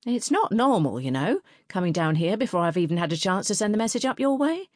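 A woman's voice: a little high, big pitch swings, moderate pace, no echo, clean studio sound, pitched above the performer's own voice. A woman voicing a nosy, eager, gossiping middle-aged postmistress in an audiobook. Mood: gossipy.

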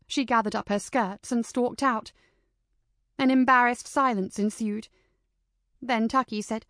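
Woman narrating, dry, slightly high voice. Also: fairly even intonation, a little slow, long pauses, a bit bright, dry recording. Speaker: audiobook narrator. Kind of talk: scripted narration of a historical novel.

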